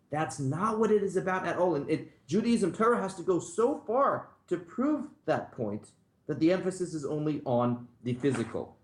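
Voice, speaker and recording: A man teaching an informal Torah class, telling stories in a conversational way and putting questions to the class. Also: fairly high pitch. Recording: roomy echo.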